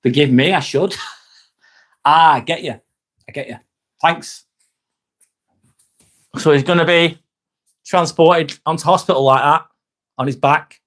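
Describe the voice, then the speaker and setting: A man's voice: on the high side, unhurried, long pauses, fairly bright tone. A man hosting a casual live stream, joking, laughing often and answering chat comments.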